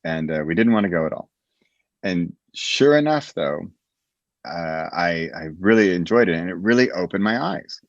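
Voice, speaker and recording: A low-voiced American man reminisces as a podcast guest, circling back on his words as he thinks aloud. The audio is dull and lo-fi, with a dry, close sound. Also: animated, normal speed, dry recording. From United States. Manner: reflective, rambling with restarts. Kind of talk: casual interview storytelling.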